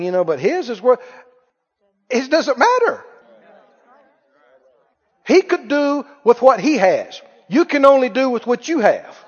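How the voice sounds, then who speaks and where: A man with a high voice preaches a folksy, joking sermon. His delivery carries a long, ringing reverb from a church hall. The recording sounds dull and lo-fi. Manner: folksy, joking, mimics critics with mock wails.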